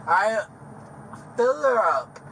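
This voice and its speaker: A man under arrest, rambling and taunting erratically in a police car, swinging between loud outbursts and mutters. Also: high-pitched, very animated, slow pace, vocal fry. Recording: noisy police bodycam audio.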